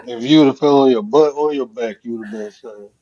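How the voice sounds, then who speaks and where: A man hosting a casual live chat, telling a profane, animated story. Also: mid-range voice, a little fast. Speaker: host. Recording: dull lo-fi stream audio.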